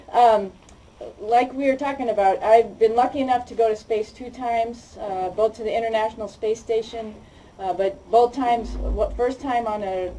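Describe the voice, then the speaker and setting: A woman with a Boston accent speaks quickly and casually to a crowd, chatty and a little self-deprecating. Her voice sits at a middle pitch with a mellow, relaxed timbre. A faint hum of noise runs behind her. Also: far from the mic, poor audio. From Boston, United States. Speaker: astronaut guest speaker. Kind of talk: public talk to an audience.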